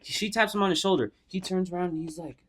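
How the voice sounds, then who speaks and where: Talking fast in a high voice, a young podcast co-host animatedly tells a crude story and acts out its characters along the way. There's slight hiss or hum in the recording.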